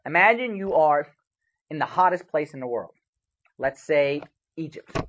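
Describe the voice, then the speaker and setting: A man preaching a sermon, telling stories with lively bursts of loudness and sudden drops. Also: on the high side, normal speed, dull audio, slight background noise. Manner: animated storytelling with sharp swings in loudness.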